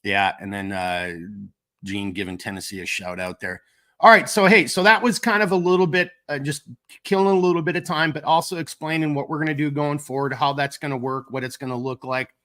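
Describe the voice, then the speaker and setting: A man's voice: medium pitch, a little fast, pushed and bright. A middle-aged man with a Minnesotan accent, coming down with a cold, rambling casually and joking at his own expense as he hosts a livestream. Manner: rambling, self-deprecating, joking. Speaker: livestream host of a gear company channel.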